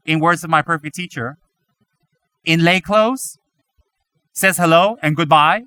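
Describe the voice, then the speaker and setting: Animated, bright-voiced male Buddhist teacher. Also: high-pitched, clean tone, dry recording. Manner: animated, mimics students with dramatic questions. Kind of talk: dharma teaching talk.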